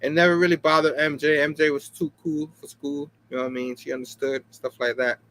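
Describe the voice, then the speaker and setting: A man hosting a casual comic book talk show, chatty and animated, often laughing and asking "you know what I mean". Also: a little high, fairly quick. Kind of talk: casual chat.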